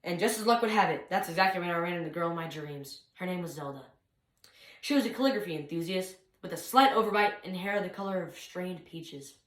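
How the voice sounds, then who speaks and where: Animated young woman telling a comic story. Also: fairly low pitch, fast. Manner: animated, swings from loud to hushed. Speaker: speech competitor. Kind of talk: comic monologue performance. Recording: roomy echo.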